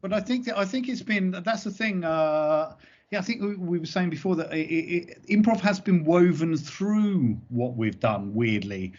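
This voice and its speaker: A male comedy performer giving interview answers as an animated, rambling storyteller. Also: high voice, normal speed. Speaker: comedy double-act performer. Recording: dull lo-fi recording.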